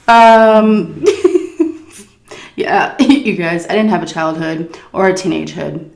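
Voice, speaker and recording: Brief: frank, giggly vlogger woman, middle-aged, low gravelly voice, roomy echo. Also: lively intonation, very slow, pauses often, darkish tone. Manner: candid, crude, giggly. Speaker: YouTuber answering viewer questions. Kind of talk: casual Q&A chat.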